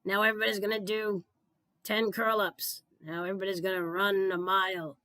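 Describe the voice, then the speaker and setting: A woman's voice: mid-range voice, level tone, fairly quick, pushed and bright, no echo, natural voice. A woman putting on the voice of a strict, cold, militant gym teacher barking clipped commands. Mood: barking orders.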